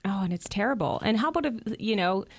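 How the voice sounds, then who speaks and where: A woman's voice: mid-range voice, expressive, quick pace, vocal fry. A woman from Canada, a guest on a talk show, speaking in an indignant, emotional and outspoken way. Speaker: guest commentator.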